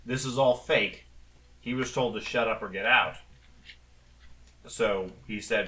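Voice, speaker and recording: A man narrating a tabletop roleplaying game as game master, relaxed and with frequent ums and restarts. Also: mid-range voice, unhurried, distant mic, rough recording.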